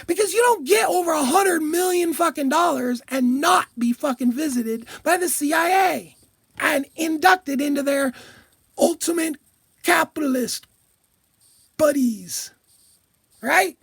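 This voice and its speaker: A woman vlogger delivering an angry, profane political rant, shouting at times. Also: sits high, lively intonation, a little slow, creaky, dry recording.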